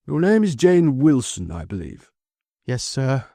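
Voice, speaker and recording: A brisk, formal male barrister cross-examining a witness in a raised voice, played by the reader. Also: medium pitch, big pitch swings, mellow, no echo, clean studio sound, pitched above the performer's own voice. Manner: formal, questioning.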